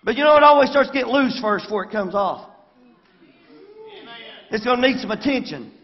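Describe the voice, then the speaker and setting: A man's voice: very high voice, lively intonation, fairly quick, muffled recording. A man with a Southern accent preaching a folksy sermon in church, often asking the congregation for an amen. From Arkansas. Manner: folksy, calls for amens. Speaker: pastor. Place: church sanctuary.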